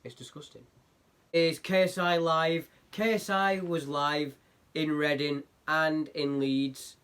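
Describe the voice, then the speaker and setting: A man's voice: a little high, steady tone, slow pace, a bit bright, clean tone. A young man hosting a casual online news roundup, blunt and sarcastic in his remarks. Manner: blunt, sarcastic, mocking impressions. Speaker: news show host.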